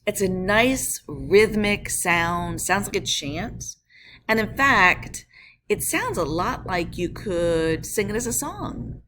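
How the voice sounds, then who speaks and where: A woman teacher narrating a recorded lesson, explaining patiently and slowing down to read verse lines in a measured beat. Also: medium pitch, animated, fairly bright tone. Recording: noisy background hiss.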